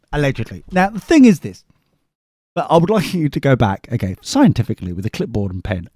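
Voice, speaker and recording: Chatty man, wildly varied pitch. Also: mellow, no room sound, clean studio sound. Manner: chatty, self-mocking, sarcastic asides to the listener. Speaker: podcast host. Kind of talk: rambling comic monologue.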